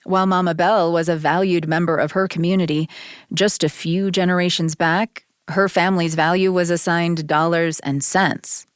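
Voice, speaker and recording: Brief: woman radio host, lowish voice, measured narration, dry booth. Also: fairly even intonation, no room sound. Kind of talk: scripted narration and interviewing.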